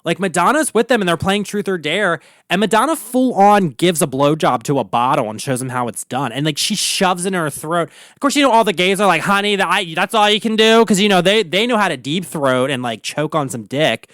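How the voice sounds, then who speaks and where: A man's voice: on the high side, expressive, fairly quick, hardly any pauses, fairly bright tone, dry recording, studio quality. A man with a Baltimore accent, a drag queen host ranting casually, campy and profane with lots of filler words. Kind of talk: casual solo rant.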